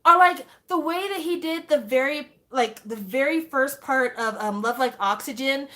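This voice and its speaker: A young woman talking casually to camera as a fan, animated and exclaiming, full of rhetorical questions. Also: sits high, normal speed. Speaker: fan vlogger.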